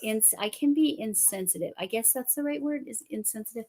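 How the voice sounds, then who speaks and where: A woman's voice: on the high side, fairly quick, a little mellow. A woman hosting a casual live stream, chatting and rambling with many fillers.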